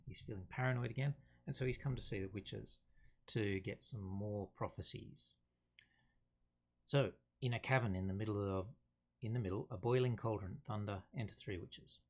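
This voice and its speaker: A man's voice: fairly low pitch, vocal fry. A man, explaining a play to students in a casual way and reading quotes aloud between his explanations. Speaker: teacher.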